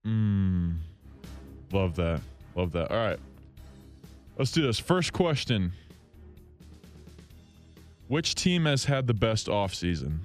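Excitable man hosting hockey talk. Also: lowish voice, takes it slowly, pauses often, faint music behind. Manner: excitable, rambling, jokingly bitter. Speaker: hockey podcast host. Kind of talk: solo sports talk show. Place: radio station studio.

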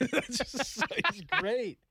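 An excitable man co-hosting a soccer podcast, chatting casually, saying "like" constantly and laughing a lot. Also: very high-pitched, very slow, slightly rough, no room sound. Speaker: podcast co-host. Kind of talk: casual sports chat.

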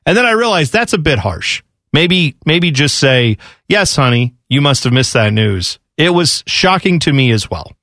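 A man's voice: fairly high pitch, big pitch swings, normal speed, fairly bright tone, no echo, clean studio sound. A man co-hosting a sports talk show in casual banter, rambling and laughing, often acting out quotes in other voices. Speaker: radio sports show co-host.

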